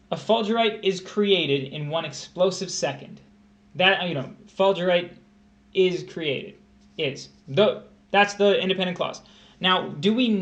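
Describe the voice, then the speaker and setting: A man's voice: on the high side, fairly bright tone. Young man tutoring aloud, talking it through. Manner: conversational, thinks aloud with restarts and rereads. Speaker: test prep tutor. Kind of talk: livestreamed grammar lesson.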